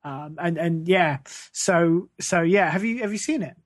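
A man's voice: on the high side, a little slow. A man co-hosting a comedic podcast, teasing and provoking with devil's-advocate questions. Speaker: podcast co-host.

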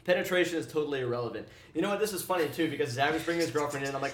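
Blunt, fast-talking male podcast host; crude jokes; echoey room. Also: medium pitch, fairly bright tone, slight background noise. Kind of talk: crude casual chat.

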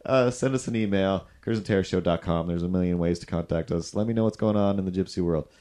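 A man's voice: low voice, quick pace, mellow. A man hosting a podcast in casual, rambling, jokey chat, sometimes putting himself down. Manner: rambling, jokey, self-deprecating. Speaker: podcast host.

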